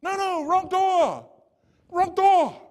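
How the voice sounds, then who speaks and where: A male pastor voicing a sheepish, flustered old woman in a high quavering falsetto during a sermon story. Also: animated, takes it slowly, a little mellow, heavily acted. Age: older. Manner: apologetic and flustered, repeating herself.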